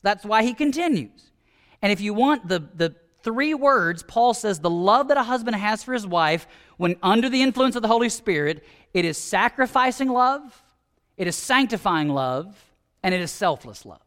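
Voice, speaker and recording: A male pastor preaching a sermon, emphatic and animated, at times dropping to soft, hushed asides. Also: sits high, normal speed.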